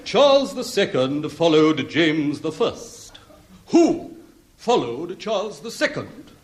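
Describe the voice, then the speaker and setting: A pompous old-school headmaster. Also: male voice, on the high side, big pitch swings, slow pace. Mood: exasperated. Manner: pompous, lecturing. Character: pompous schoolmaster, middle-aged, easily exasperated. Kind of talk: 1960s radio sitcom acting. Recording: old radio broadcast with studio audience laughter and hiss.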